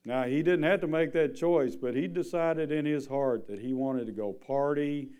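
A man's voice: on the high side, moderate pace, dark tone, clear, resonant tone. A man preaching a sermon, reading scripture and then building to an impassioned appeal. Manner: reads scripture, then preaches with rising intensity.

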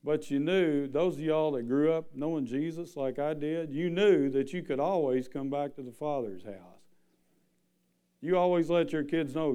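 A man's voice: a little high, unhurried, dark tone, clean tone. A man preaching a sermon, reading scripture and then building to an impassioned appeal. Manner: reads scripture, then preaches with rising intensity.

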